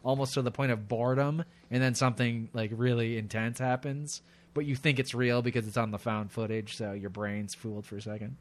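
A man co-hosting a podcast in casual comedic chat, crude and quick to laugh. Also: medium pitch, little pitch movement. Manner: crude, laughing, puts on silly voices in anecdotes. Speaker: podcast co-host.

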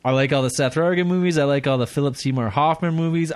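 A man's voice: a little high, fast, few pauses. A man co-hosting a crude comedy podcast, wisecracking and laughing through his lines. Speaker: podcast co-host. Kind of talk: casual crude podcast banter.

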